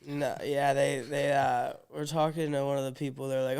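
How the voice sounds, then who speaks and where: A man co-hosting a casual podcast, hoarse and losing his voice, telling a profane story and acting out the people in it. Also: mid-range voice, little pitch movement, normal speed. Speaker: podcast co-host.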